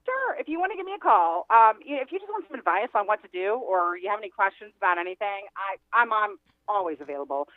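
A woman's voice: medium pitch, very animated, quick pace, few pauses, no echo. A woman phoning in to a radio interview as a real estate agent guest. She talks in a chatty, emphatic way and laughs often. Her voice comes over a tinny phone line with a dry sound.

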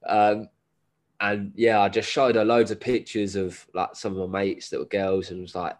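A deep, low-pitched man, spinning a story casually for a podcast. He swears freely, drops laddish slang, and sounds like he is nursing a cold. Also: level tone, measured pace. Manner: swearing, laddish slang, laughs while telling. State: has a cold. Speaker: guest, endurance runner.

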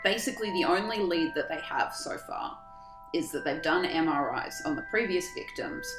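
A woman co-hosting a podcast, recapping a play in a casual, comedic way and acting out the characters' lines in quick, animated bursts. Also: low-pitched, reverberant, music in the background.

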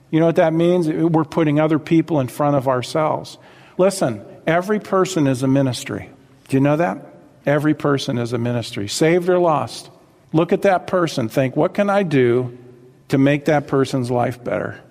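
A man's voice: on the high side, normal speed, vocal fry, a little mellow. A man preaching a sermon to his congregation, exhorting them directly and often calling out "listen" and "folks". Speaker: pastor. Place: church sanctuary with congregation. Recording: long hall reverb.

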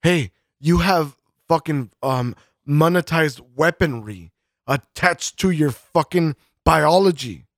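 A man's voice: a little high, slow, dry recording, clean studio sound. Foul-mouthed rambling podcast man. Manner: profane, rambling, full of fillers and restarts. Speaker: podcast co-host. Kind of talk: casual podcast chat.

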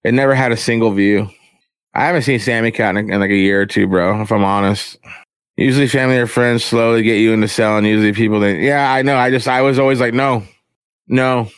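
A man's voice: fairly even intonation, fast talker, smooth, no room sound. Profane rambling man, dry close sound. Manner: crude, rambling, profane, mimics others in high voices. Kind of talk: casual chat.

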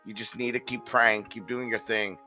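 Guy rambling thru a story on a podcast, cusses a lot, keeps restarting, bright voice, faint music under it. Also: fairly low pitch, fairly even intonation, normal speed, muffled recording. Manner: rambling, swearing, many restarts. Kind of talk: casual storytelling.

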